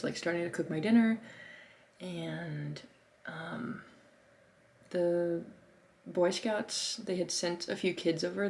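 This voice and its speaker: A woman's voice: on the low side, darkish tone. A young woman artist telling a casual travel story in a chatty way, full of fillers and acted-out quotes. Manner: chatty, lots of fillers, acts out quoted voices. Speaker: artist vlogger.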